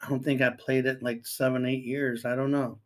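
A man's voice: medium pitch, flat delivery, a little fast. An older man, a grandfather, talking casually and at length, reading news aloud and giving earnest advice to parents. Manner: rambling, reads news aloud and reacts. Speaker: commentator. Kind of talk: casual spoken commentary.

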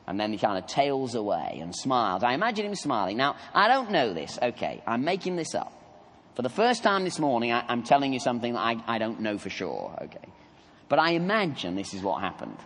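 A man preaching a sermon, telling the story in an animated, conversational way with asides to the congregation. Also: mid-range voice, a little fast, in a large hall.

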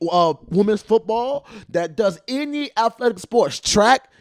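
Young dude on a podcast, high voice, cussing a lot, very dry close mic. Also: male voice, measured pace, no room sound. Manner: profane, animated storytelling. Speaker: podcast co-host. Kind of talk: casual chat.

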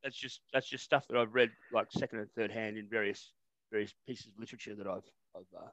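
A man's voice: on the low side, fairly even intonation, fast talker, a bit bright, dry recording, poor audio. A middle-aged Australian man co-hosting a satirical sports podcast, blokey and jokey, swearing freely and laughing often. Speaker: podcast co-host.

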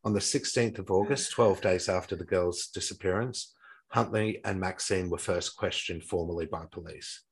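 Deep husky male host, casual true-crime retelling, trips over his notes. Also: moderate pace, low-quality recording. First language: not English-accented, says his English accent is poor. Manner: reads from notes, stumbles and restarts often.

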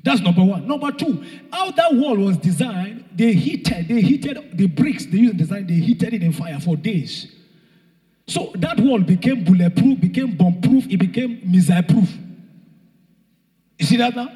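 A young man preaching a rousing sermon, shouting and half-singing phrases and calling out to the congregation. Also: sits high, expressive, moderate pace. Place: church hall. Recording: long hall reverb.

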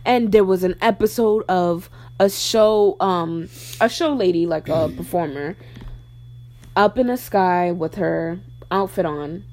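A young woman co-hosting a casual chat, talking in an animated, slangy way and slipping into mock voices. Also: fairly low pitch, measured pace, slight background noise. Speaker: podcast co-host.

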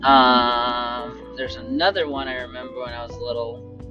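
An animated speaker telling casual stories on a solo podcast, laughing often and bursting into loud quoted lines. The voice is slow and unhurried at its own pace. It is recorded on a dull, lo-fi voice memo with soft music behind it. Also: mid-range voice. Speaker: podcast host. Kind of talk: casual storytelling.

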